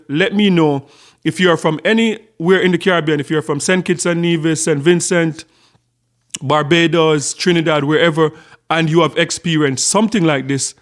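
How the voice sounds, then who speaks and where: A middle-aged Jamaican man hosting a casual vlog, telling a story in a chatty way with lots of repeated words. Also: on the high side. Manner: chatty storytelling with frequent repetitions. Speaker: channel host.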